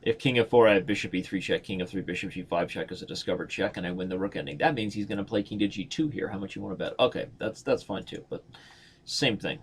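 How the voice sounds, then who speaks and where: A man's voice: sits low, animated, fast talker, husky. A man streaming blitz chess and commenting on his own moves in a playful, slangy way.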